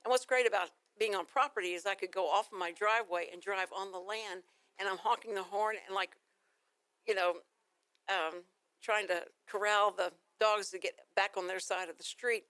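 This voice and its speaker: A woman's voice: mid-range voice, steady tone, moderate pace, a bit bright, clean tone, no room sound. A woman with a Texan accent hosting a casual morning radio talk show, rambling through stories and laughing easily. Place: radio studio. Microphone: studio microphone.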